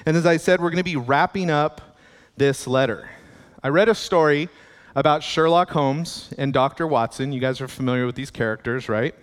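A man's voice: fairly high pitch, moderate pace, clear, resonant tone, long reverb tail. A man preaching a sermon as pastor, in a conversational way with chuckling asides.

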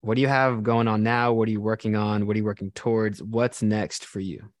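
Podcast host, man, easygoing questioner; lower voice, dry recording. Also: a little fast, dry recording. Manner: relaxed, asks several questions in a row. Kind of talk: interview questions.

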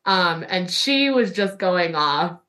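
Bright chatty young woman host. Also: lowish voice, lively intonation, slow pace, distant mic. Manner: chatty, lots of "like" and quoted back-and-forth. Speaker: podcast host. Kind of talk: casual storytelling chat.

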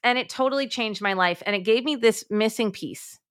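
A mom coach appears as a podcast guest, speaking a little fast in a voice on the high side. She is emphatic and direct, calls listeners "my friends," and acts out the thoughts she quotes in lively voices.

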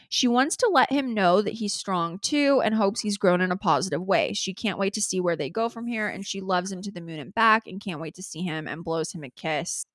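A young woman co-hosting a podcast, casually recounting reality show clips in detail, animated and swearing now and then. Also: medium pitch, no room sound, clean studio sound. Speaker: podcast co-host. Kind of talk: casual recap chat.

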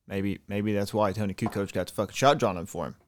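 A man co-hosting a sports podcast, excitable and profane in casual banter. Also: fairly low pitch, quick pace, no room sound. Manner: excitable, profane, laughs often. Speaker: podcast co-host.

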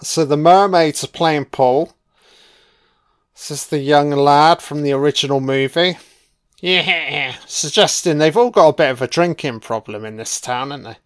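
A man's voice: a little high, moderate pace, clean tone. A man giving a profane, sarcastic commentary on a film as it plays.

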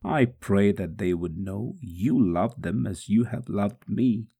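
A man's voice: fairly low pitch, dark tone, husky, full character voice. A man reading aloud in the first person as a suffering man praying steadfastly through a scourging, in a solemn, prayerful way. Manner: solemn, prayerful, slow and measured.

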